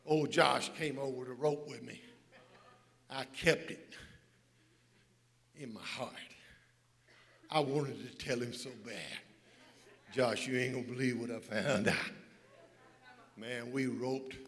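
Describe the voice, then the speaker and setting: A man preaching a sermon to a church, moving from hushed storytelling into shouted, sing-song preaching. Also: mid-range voice, steady tone, slow, pauses often. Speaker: pastor. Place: church with congregation.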